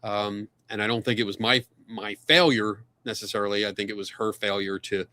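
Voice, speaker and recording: A man hosting a podcast, telling a casual anecdote, animated and laughing often, acting out other people's lines. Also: on the low side, a little fast. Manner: animated storyteller, laughs often, acts out quotes. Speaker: podcast host.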